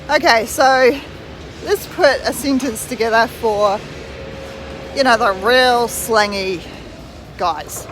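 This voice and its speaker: A woman's voice: fairly high pitch, slow, long pauses, fairly bright tone, a little hiss or hum, poor audio. A woman in her thirties from New Zealand with a New Zealand accent, chatting casually as a vlogger while walking outdoors and filming on a phone. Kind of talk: casual chat.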